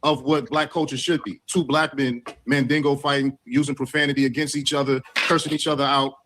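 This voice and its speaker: Measured man posing probing questions. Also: medium pitch, little pitch movement, fairly bright tone, slight background noise. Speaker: panelist. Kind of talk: heated panel discussion.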